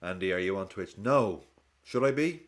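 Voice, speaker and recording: A man hosting a live football watch-along stream, casually chatting with viewers and reacting to the match. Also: moderate pace. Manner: chatty, reacts to play and reads chat aloud; lively swings in pitch.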